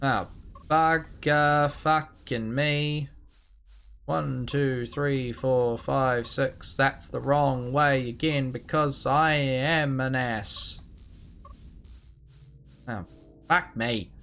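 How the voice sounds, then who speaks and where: A man's voice: medium pitch, steady tone, very slow, vocal fry, a bit bright. A man streaming a video game live, muttering and humming as he plays, swearing freely, mocking himself and rambling as he answers chat. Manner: swears freely, mutters and hums while playing. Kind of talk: live gameplay commentary, reading chat.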